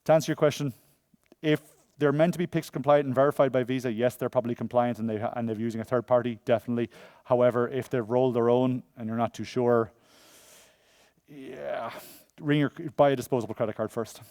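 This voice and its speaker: A man giving a conference talk and taking audience questions, jokey and animated, often telling funny stories and acting out the voices of the people in them. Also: medium pitch, brisk, dry recording. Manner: animated, acts out quoted voices. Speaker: conference speaker. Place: conference room before an audience.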